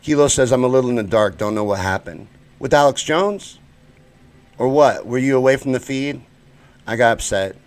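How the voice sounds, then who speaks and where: A man from the United States hosting a live-stream rant show, heated and profane, swinging between loud outbursts and low muttering. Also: moderate pace. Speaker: show host.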